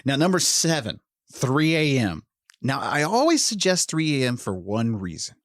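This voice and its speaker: A man's voice: mid-range voice, big pitch swings, normal speed, fairly bright tone, no room sound, studio quality. A man co-hosting a film podcast, rambling and profane, with restarts and laughs. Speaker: podcast co-host. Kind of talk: casual film podcast chat.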